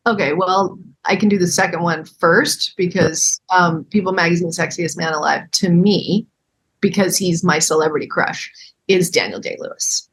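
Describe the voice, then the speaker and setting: A woman guesting on a podcast interview, talking in a reflective, halting way with fillers and restarts. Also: on the low side, steady tone. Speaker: guest actress. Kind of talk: casual interview chat.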